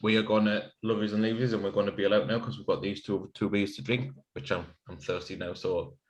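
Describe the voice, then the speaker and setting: A man's voice: lowish voice, steady tone, a little fast, lo-fi sound. A man, co-hosting a podcast, chatting casually over beers with rambling, laughing banter. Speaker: podcast co-host. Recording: echoey room.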